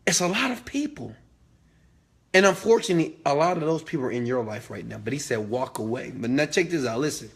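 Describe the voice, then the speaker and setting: A man's voice: a little high, expressive, a little fast, slightly rough. A man hosting a motivational talk, emphatic and preachy, who hammers phrases by repetition and swears freely. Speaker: host.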